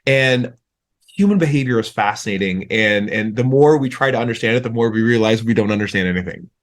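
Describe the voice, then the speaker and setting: A man guesting on a podcast, telling animated stories in a relaxed conversation, often restarting his sentences. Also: fairly low pitch, brisk. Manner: animated storyteller, frequent restarts. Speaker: podcast guest, author and speaker. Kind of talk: casual interview conversation.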